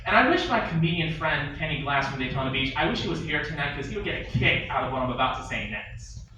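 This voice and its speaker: A man's voice: a little high, sing-song, fast, pushed and bright, a little hiss or hum. A man doing a stand-up comedy set in a bar, telling a story with chatty asides to the audience. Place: bar and grill stage. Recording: echoey bar room, distant mic.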